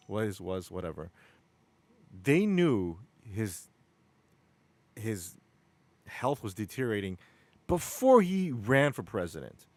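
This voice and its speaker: A man hosting a casual live stream, rambling and enthusiastic, often repeating words. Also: on the low side. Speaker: stream host.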